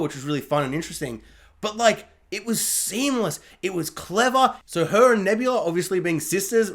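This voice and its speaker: A reviewer's voice that swoops up and down as they talk through a film. The delivery is casual and rambling, with plenty of asides. Every so often they slip into a playful mock voice to act out a scene. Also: medium pitch. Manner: animated, acts out characters in quick mock voices; chatty with many fillers and asides.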